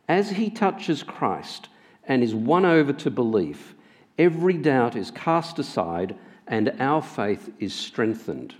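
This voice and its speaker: A man preaching a sermon in a church, telling the story with expressive asides. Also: medium pitch.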